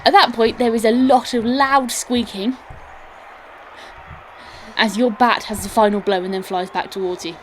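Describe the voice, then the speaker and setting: A woman narrating a tabletop game as game master, in a steady, descriptive way. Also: fairly high pitch, normal speed, long pauses, a little hiss or hum, rough recording.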